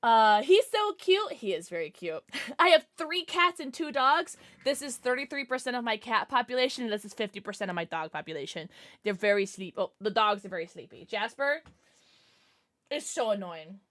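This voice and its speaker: A bubbly, excitable woman chatting casually to her livestream audience while she plays. Her voice sits high and leaps around constantly, and she giggles often between lines. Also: moderate pace. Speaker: game streamer.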